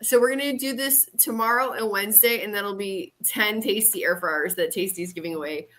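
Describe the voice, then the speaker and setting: Bright, giggly woman livestream host. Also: mid-range voice, moderate pace. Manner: chatty, giggles often. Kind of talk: casual livestream chat.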